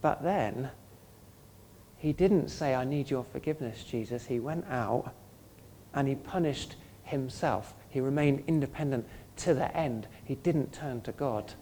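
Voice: medium pitch, slow, warm tone, slight background noise. A pastor preaching a sermon in an earnest, conversational way, often asking the listeners questions.

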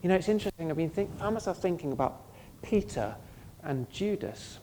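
Preacher, sermon, earnest, conversational, asks the room questions, mid-pitched voice. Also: animated, a little fast, mellow, a little hiss or hum. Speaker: pastor.

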